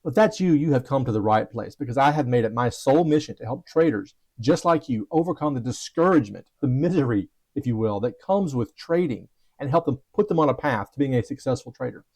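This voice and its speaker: A man's voice: mid-range voice, animated, a little fast, hardly any pauses, darkish tone. A man coaching traders, giving an earnest motivational talk with storytelling and some stammered restarts. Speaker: trading coach.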